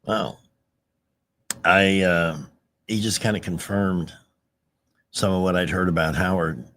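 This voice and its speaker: A middle-aged man hosting a radio talk show, telling stories in an animated, emphatic way with restarts. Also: deep voice, takes it slowly. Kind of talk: casual talk radio chat.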